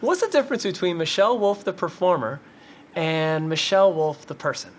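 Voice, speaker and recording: A woman interviewing from off camera, firing playful questions at a quick clip. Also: fairly low pitch, expressive, slight background noise. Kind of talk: upbeat rapid-fire questioning.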